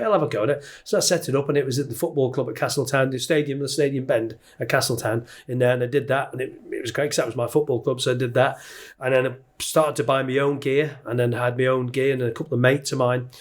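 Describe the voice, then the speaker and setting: A man's voice: mid-range voice, quick pace. A middle-aged man from the Isle of Man with a Manx accent, a guest commentator chatting in an interview and telling anecdotes with little put-on voices. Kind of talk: casual interview chat.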